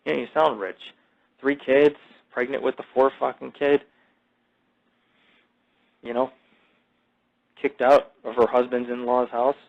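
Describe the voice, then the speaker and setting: A man's voice: mid-range voice, fairly even intonation, unhurried, creaky, long pauses. A man hosting a podcast, telling crude stories in a boastful, profane, rambling way full of fillers. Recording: dull lo-fi audio.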